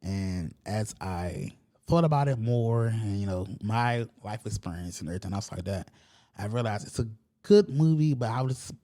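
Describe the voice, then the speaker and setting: A man's voice: fairly low pitch, normal speed. A man hosting a podcast, loosely retelling a movie plot in a rambling, slangy way and acting out the characters' lines. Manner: rambling, loose slangy storytelling with animated quoted voices. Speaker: podcast host.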